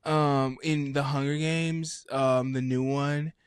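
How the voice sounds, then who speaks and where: A young man co-hosting a casual podcast chat, easygoing and quick to laugh and agree. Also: mid-range voice, flat delivery, clean tone, dry recording, studio quality. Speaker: podcast co-host.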